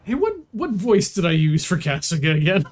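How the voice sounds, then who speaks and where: A man's voice: on the high side, sing-song, a little fast. A man streaming a video game, chatting casually and muttering to himself as he plays. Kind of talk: casual let's-play commentary.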